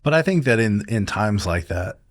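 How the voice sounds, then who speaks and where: A man's voice: on the low side, lively intonation, moderate pace, no echo, studio quality. A man chatting casually in a church talk show, earnest and telling a story with restarts. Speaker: pastor. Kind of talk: casual church podcast chat.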